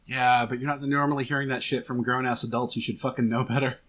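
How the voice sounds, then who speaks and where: A man's voice: mid-range voice, fast talker, slight background noise. A man co-hosting a comedy podcast, teasing his partner and swearing casually. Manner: animated and teasing, swears freely. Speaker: podcast co-host.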